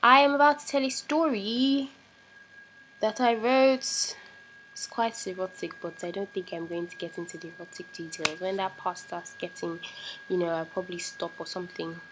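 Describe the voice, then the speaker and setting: A woman's voice: fairly low pitch, fairly even intonation, normal speed, a bit bright, a little hiss or hum, poor audio. A woman casually reading her own story from her phone in a put-on British accent, breaking off into giggly, chatty asides.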